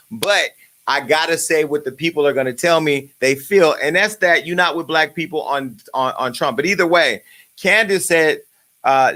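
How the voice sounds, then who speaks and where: Guy hosting a gossip show, loud crude rants, cussing nonstop. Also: mid-range voice. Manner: brash, ranting, crude insults. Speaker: host. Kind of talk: profane comedic celebrity gossip.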